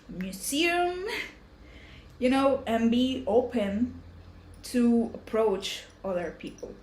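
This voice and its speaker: A woman in her twenties hosting a podcast, talking in a chatty, emotional way with lots of fillers and restarts. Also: mid-range voice. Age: 20s. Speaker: podcast host. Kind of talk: casual personal chat. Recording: roomy echo with faint background hum.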